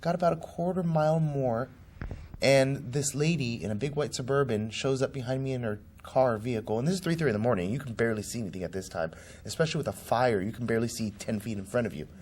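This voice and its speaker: A man's voice: medium pitch, expressive, fast, darkish tone. A man being interviewed as a political candidate, telling a personal story vividly and acting out the voices of the people in it. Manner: vivid, acts out quoted voices.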